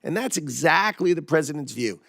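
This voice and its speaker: Older guy with a gravelly voice answering at a hearing, sure of himself, emphatic. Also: fairly high pitch, lively intonation, a bit bright. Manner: brisk, confident, emphatic. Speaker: cabinet secretary answering questions. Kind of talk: testimony at a hearing.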